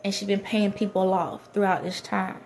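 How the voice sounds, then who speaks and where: A woman vlogger talking straight to camera in a loose, rambling monologue. Her voice sits at an ordinary middle pitch, and she circles back over the same phrases with fillers and restarts. A faint hum of room ambience runs underneath. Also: flat delivery, moderate pace, darkish tone.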